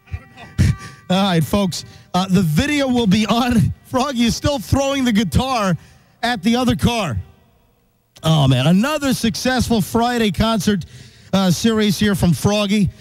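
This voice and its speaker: A very high-voiced man calls a live stunt outdoors in a rush of excited commentary. He shouts, laughs and gasps for breath between lines, with faint music in the background. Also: unhurried, pauses often, low-quality recording. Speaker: host.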